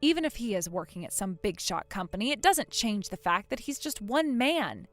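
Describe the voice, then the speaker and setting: A woman's voice: medium pitch, very animated, normal speed, faint music behind, natural voice. A woman voicing a cold, furious young wife who scolds her sister-in-law without mercy. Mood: stern. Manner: stern, scolding, unforgiving.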